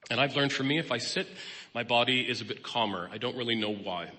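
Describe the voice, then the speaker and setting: Bright-voiced man in his fifties preaching. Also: mid-range voice, fast talker. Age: 50s. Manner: candid, personal, plain-spoken. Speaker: guest speaker and therapist. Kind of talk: conversational sermon. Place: church hall. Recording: long reverb of a large hall.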